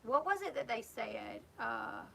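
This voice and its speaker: A woman with a high, bright-sounding voice talks straight into a close mic. She recaps a reality show in a casual, gossipy way, sharing her opinions and acting out the quotes as she goes. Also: animated, a little slow, creaky, breathy edge.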